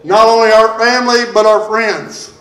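A man preaching a sermon, shouting with impassioned fervor. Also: high voice, steady tone, normal speed, roomy sound, low-quality recording. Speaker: pastor. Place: church sanctuary.

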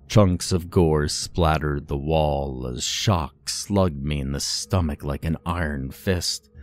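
A man with a very low voice narrates a scripted horror story. He takes an unhurried, measured pace and builds tension with a dramatic storytelling manner. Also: darkish tone.

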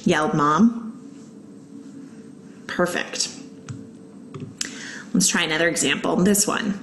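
A woman's voice: mid-range voice, sing-song, unhurried, long pauses, fairly bright tone, echoey room, a little hiss or hum, poor audio. A woman teacher patiently walking young students through a writing lesson, explaining each step and reading example sentences aloud. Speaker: elementary school teacher. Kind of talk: recorded online lesson.

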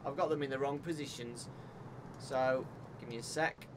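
A young man from England giving live commentary as he plays a horror game, jumpy and prone to yelping and shouting in fright. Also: medium pitch, fairly even intonation, normal speed, a little hiss or hum. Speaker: streamer.

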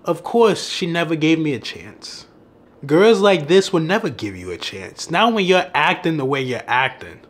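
A man's voice: a little high, very animated, moderate pace. A young man who coaches on dating, telling a story in a casual vlog, laughing often and swearing freely.

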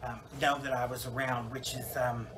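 A man's voice: mid-range voice, level tone, normal speed, background noise, lightly acted. A man voicing a chatty, self-absorbed woman salon owner newly dead in heaven, rambling with fillers and restarts in a comic church monologue. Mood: wry rambling. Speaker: preacher in character.

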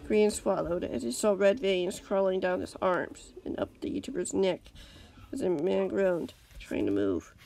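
Expressive woman reading a story. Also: medium pitch, a little slow, gravelly. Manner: expressive, with occasional slips. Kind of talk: reading fan fiction aloud.

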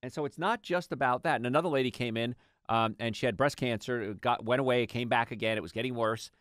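A middle-aged man hosting a health radio show, telling patient stories in an animated, conversational way. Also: mid-range voice, fast, dry recording, studio quality. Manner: animated storytelling, acts out patients' lines.

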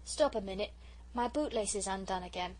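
A woman reading an audiobook, voicing a pouty, indignant young girl who is quick to tears. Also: medium pitch, a little mellow, natural voice, low-quality recording. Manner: pouty, indignant, sobbing at times.

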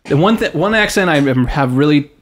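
A man's voice: on the high side, animated, a little fast. A young man hosting a podcast, chatting loosely and joking, with casual swearing. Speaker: podcast host. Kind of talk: casual chat.

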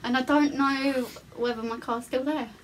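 A woman's voice: high-pitched, fairly even intonation, normal speed. A young woman with a playful manner, chatting with a friend and faking a lost-dog phone call. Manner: playful, laughs a lot. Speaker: friend and co-host. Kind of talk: casual chat and prank call.

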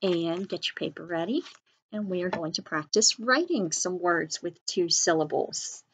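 With a little hiss or hum in the background, a woman teacher speaks in a fairly low voice with a fairly bright tone. She leads a children's reading lesson, going slowly and clearly, sounding out words syllable by syllable and spelling them letter by letter.

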